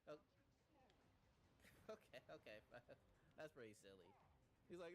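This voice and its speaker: A man's voice: medium pitch, very animated, unhurried, long pauses. A man giving goofy, giggly gameplay commentary, slipping into silly voices.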